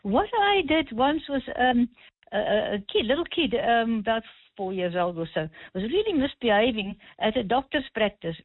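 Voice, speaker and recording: A woman's voice: fairly high pitch, animated, normal speed, no echo. A woman calling in to a radio show, telling a story hesitantly with many ums but firm in her views. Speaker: caller. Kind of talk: phone-in anecdote. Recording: tinny phone line.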